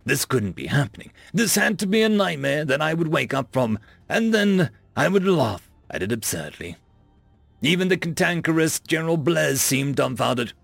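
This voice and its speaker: Casting note: male audiobook narrator, gravelly, lively delivery, dry close sound, faint music under. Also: a little high, normal speed, dry recording. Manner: wry, conversational storytelling. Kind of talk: first-person sci-fi narration.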